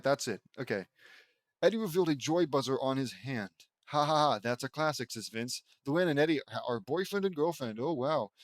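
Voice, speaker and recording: A man's voice: on the high side, no room sound. Sarcastic man reading fan fiction aloud. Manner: exasperated, sarcastic asides and quick mock voices. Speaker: reader mocking a fan fiction. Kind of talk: sarcastic comedic dramatic reading.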